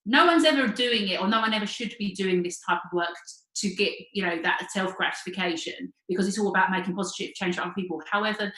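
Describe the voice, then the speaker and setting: A woman's voice: medium pitch, fast talker, bright, forceful tone. A woman hosting a casual interview, encouraging her guest and restarting her sentences often. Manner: encouraging, many fillers and restarts. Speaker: host, interviewer. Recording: echoey room.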